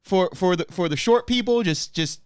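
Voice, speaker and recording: A man's voice: high voice, expressive, moderate pace, smooth. Agreeable male podcast co-host. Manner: agreeable, short backchannel replies. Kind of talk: casual chat.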